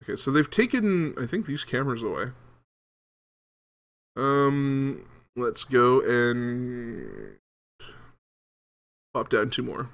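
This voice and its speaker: Bright-voiced man rambling over gameplay. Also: mid-range voice, big pitch swings, slow, creaky, pauses often. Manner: rambling, many ums and restarts. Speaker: gaming video host. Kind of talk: casual let's-play commentary.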